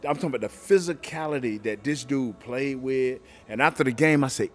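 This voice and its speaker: A middle-aged man, a podcast guest telling lively stories, acting out quotes and laughing often. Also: mid-range voice, a little fast, hardly any pauses, soft background music. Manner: animated storyteller, acts out quotes, laughs often. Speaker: guest, former football player. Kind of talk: storytelling podcast interview.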